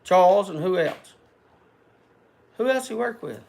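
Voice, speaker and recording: A man's voice: high-pitched, lively intonation, measured pace, gravelly, darkish tone. An older man hosting a livestream, chatting with viewers in a rambling, folksy, self-deprecating way. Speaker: livestream host. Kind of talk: casual chat to viewers.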